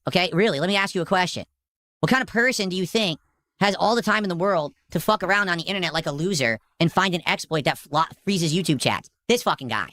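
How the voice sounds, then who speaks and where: A man's voice: high voice, sharp tone, dry recording, studio quality. A man ranting heatedly on a livestream, profane and threatening. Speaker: streamer. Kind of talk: angry livestream rant.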